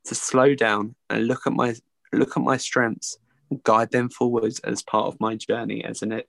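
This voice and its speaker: Earnest gravelly man, dry sound. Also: mid-range voice, fairly bright tone, no room sound. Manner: earnest, halting, with many restarts. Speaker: early educator. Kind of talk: reflective interview answer.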